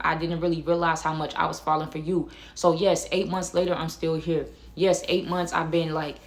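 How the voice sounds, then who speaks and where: A young woman tells a personal story time to her viewers, speaking in a lowish voice. She is chatty and dramatic, talking straight to her audience. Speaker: YouTube storyteller. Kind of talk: casual story time to camera.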